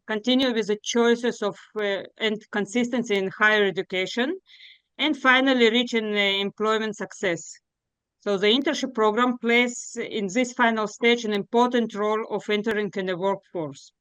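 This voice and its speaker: A woman with a Russian accent presents her program in earnest but halting English. Her voice is smooth and clear. The sound is dry and close. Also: medium pitch, fairly bright tone, dry recording. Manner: earnest, halting non-native English with fillers. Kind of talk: workshop presentation.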